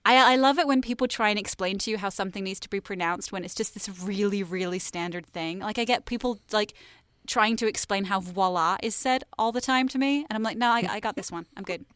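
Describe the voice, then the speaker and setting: A woman's voice: medium pitch, fairly bright tone, clean tone, no room sound. A woman voice actor with an American accent and a slight Southern twang, chatting casually in an interview and joking at her own expense. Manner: chatty, self-deprecating, quick asides. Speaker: voice actor guest.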